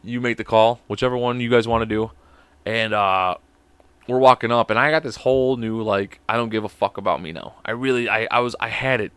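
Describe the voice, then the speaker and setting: A young man with a Chicago accent rambles through a story on his podcast, cursing freely and breaking into laughs. His voice sits in a middle pitch, recorded close and dry with no room sound. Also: brisk, a bit bright, clear, resonant tone, no echo. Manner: profane, rambling, laughing often. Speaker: podcast co-host. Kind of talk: casual storytelling.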